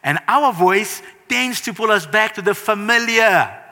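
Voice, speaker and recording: A man preaching a sermon in an earnest, emphatic way, with sudden louder rises. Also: high-pitched, lively intonation, unhurried. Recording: reverberant hall.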